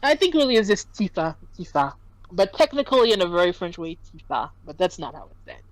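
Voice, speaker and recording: A woman teaching French in a relaxed chat, her pitch bouncing high and low as she explains. She laughs easily between points. The sound is close and dry, with no room around her. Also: fast, dry recording, low-quality recording. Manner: animated, laughs often while explaining. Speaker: French tutor. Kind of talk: casual language lesson.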